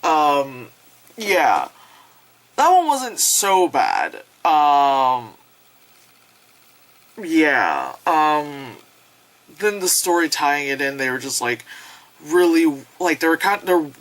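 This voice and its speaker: A woman's voice: deep voice, sing-song, extremely slow, long pauses, poor audio. Young woman, casual reviewer; rambly, lots of "um" and "like", swears, breaks into character voices. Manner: rambling, filler-heavy, swears, acts out characters in quotes. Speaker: film reviewer. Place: home, late at night.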